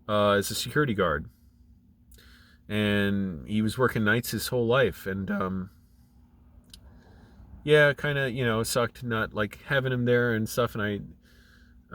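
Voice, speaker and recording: A middle-aged man, choked up, talking in a halting, emotional way, with many restarts and fillers. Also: fairly low pitch, a bit bright. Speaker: channel creative director. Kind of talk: personal video diary.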